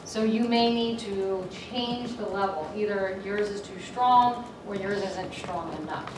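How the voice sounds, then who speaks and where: A woman's voice: medium pitch, measured pace. Woman, middle-aged, workshop facilitator, chatty, echoey room, distant mic. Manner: chatty, self-deprecating anecdotes. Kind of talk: classroom instruction. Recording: echoey room from far off, noisy.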